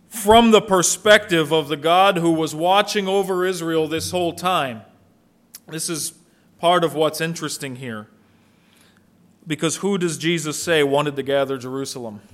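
A man's voice: on the high side, a bit bright. A middle-aged male pastor delivers a sermon in a slightly raised voice. He drives points home with emphasis and rhetorical questions.

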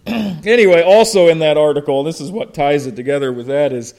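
A man from Ohio, a pastor with a slow drawl, preaching a sermon and telling folksy stories while quizzing his congregation. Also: fairly high pitch, darkish tone. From Ohio, United States. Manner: folksy storytelling, asks the congregation questions.

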